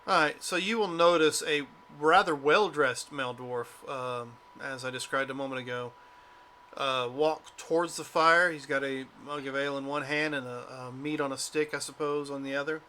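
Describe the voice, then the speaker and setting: A man narrating a tabletop game as game master, casual and halting. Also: mid-range voice, steady tone, pushed and bright, slight background noise.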